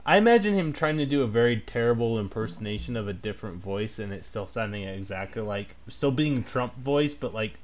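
A man co-hosting a casual podcast, reacting with wry, sarcastic remarks and quick questions. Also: lowish voice, expressive. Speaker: podcast co-host.

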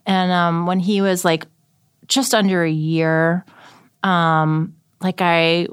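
A woman in her thirties chatting as a podcast guest, halting and rambling with many fillers. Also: on the low side, steady tone, clean tone, no echo, clean studio sound. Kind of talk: casual chat.

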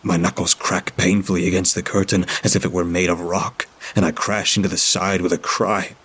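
A man narrating a horror story in a grim, steady first-person reading. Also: sits low, fairly quick, slightly rough.

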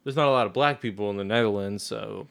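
A man's voice: on the low side, fast talker, vocal fry, a bit bright, no echo, clean studio sound. A man chatting on a comedy podcast in a rambling, playful way, sometimes trailing off into mutters. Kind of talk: casual comedy chat.

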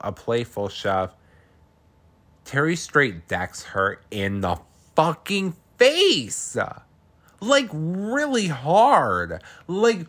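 A man's voice: mid-range voice, fairly bright tone. A man hosting a podcast, recapping a horror film in casual chat, laughing often, swearing freely and throwing in dramatic asides.

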